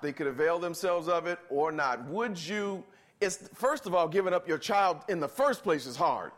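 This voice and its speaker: A man's voice: on the high side, a bit bright. A man preaching a sermon to a congregation, emphatic, asking them to answer back and repeating key phrases.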